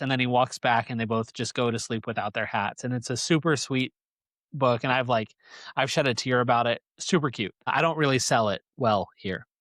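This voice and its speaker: Man, podcast host, casual rambling storytelling, jokey, mid-pitched voice, dry close sound. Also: a bit bright, dry recording. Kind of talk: casual chat.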